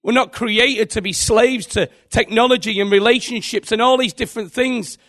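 A man's voice: very high-pitched, fairly even intonation, normal speed, fairly bright tone. A man preaching a sermon, telling an earnest and emotional testimony.

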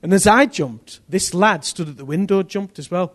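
Man, preacher, testimony sermon, animated storytelling, slightly high voice. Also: moderate pace. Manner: animated storytelling, voice rising to shouts in retold moments.

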